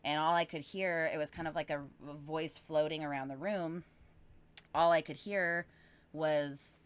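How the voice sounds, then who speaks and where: A woman guest on a podcast, telling a long personal story casually, animated and rambling with lots of fillers. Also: sits low, unhurried, smooth.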